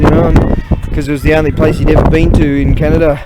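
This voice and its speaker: Man, slightly high voice, rambles and curses mid-story outdoors, heavy wind roar on the mic. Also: level tone. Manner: halting, swears freely, loses his train of thought. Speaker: vlogger. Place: outdoors on a cold walk.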